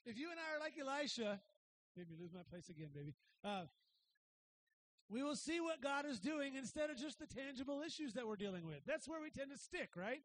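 A middle-aged man preaching a sermon as pastor, energetic and conversational, swinging from loud bursts to quiet asides and often asking "right?". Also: very high voice, fairly quick, no echo, low-quality recording.

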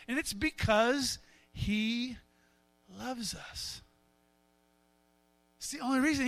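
A male pastor preaching a sermon in an animated way, often acting out quotes in different voices. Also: extremely high pitch, unhurried, long pauses, dry recording.

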